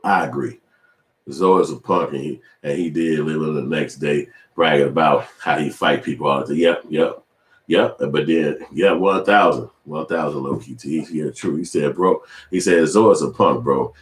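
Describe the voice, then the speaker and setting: A man in his forties giving casual, profane commentary, animated and switching into high mimicking voices. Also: normal speed, reverberant. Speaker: video commentator.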